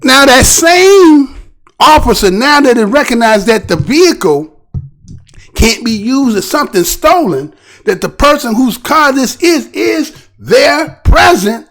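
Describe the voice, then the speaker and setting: High-pitched, animated male commentary host. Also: slow pace. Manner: animated, preachy, rhetorical questions. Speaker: show host. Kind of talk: commentary on a news video.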